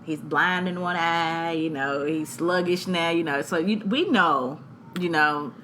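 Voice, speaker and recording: A woman, co-hosting a podcast and telling a story, animated and laughing, acting out voices. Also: deep voice, a little slow, slight background noise. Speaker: podcast co-host. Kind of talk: casual storytelling chat.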